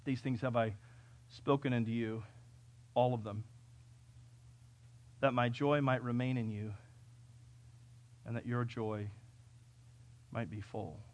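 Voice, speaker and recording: A man from California preaching a sermon, reading scripture and telling stories, swinging between loud, urgent peaks and quiet, conversational asides. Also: medium pitch, fairly even intonation, slow, pauses often. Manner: conversational storytelling with fillers and restarts. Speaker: pastor.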